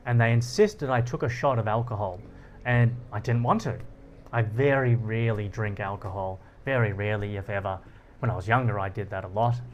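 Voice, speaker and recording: A man hosting a philosophy talk, explaining ideas through personal stories, animated and often laughing. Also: lowish voice, highs cut off, a little hiss or hum. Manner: animated, laughs often, acts out quoted lines. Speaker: philosophy channel host. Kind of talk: explanatory monologue with personal anecdotes.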